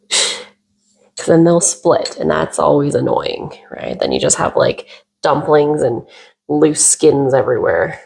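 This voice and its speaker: Woman, cooking-vlog host, casual and giggly, animated delivery, lowish voice. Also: takes it slowly, creaky, pauses often, slight background noise. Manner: chatty, giggly, explains steps as she goes.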